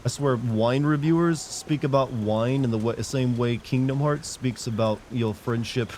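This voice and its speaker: A man's voice: mid-range voice, moderate pace, a little mellow, slight background noise. Joking young male game streamer. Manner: joking, rambling, playfully mocking. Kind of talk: casual live-stream commentary.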